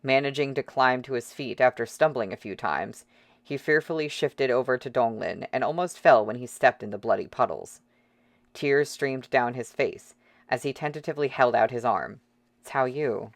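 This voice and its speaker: A man's voice: medium pitch, vocal fry, no echo. Man narrating an audiobook, dry and close. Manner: steady, dramatic storytelling.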